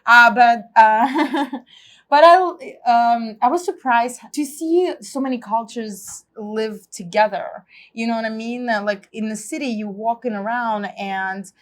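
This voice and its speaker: A woman from Russia with a Russian accent, a guest in a casual interview, telling lively stories and laughing often. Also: a little high, a little slow.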